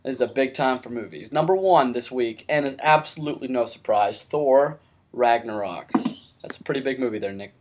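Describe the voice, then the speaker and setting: A man's voice: mid-range voice, fairly quick. A man hosting a podcast in casual chat, telling long rambling stories with frequent restarts. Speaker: podcast host.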